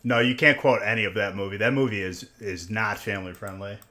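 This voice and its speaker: A man's voice: on the low side, fairly even intonation, fairly quick, bright, forceful tone. A young man hosting a live stream where he opens trading card packs, rambling in casual chat and teasing his viewers. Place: alone in a room.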